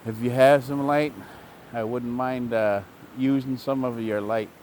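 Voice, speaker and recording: A crafty raven trickster, calm and falsely sorry, asking for more and more light, as a male storyteller plays him. The voice stays close to the teller's own, steady and coaxing. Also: medium pitch, a little slow, slight background noise, close to an everyday voice, low-quality recording. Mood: sly, apologetic. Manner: calm, apologetic, sly.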